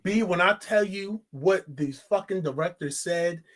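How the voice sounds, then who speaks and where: A woman co-hosting a casual film review chat, talking in an animated, profane way and repeating phrases for emphasis. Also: fairly low pitch, measured pace.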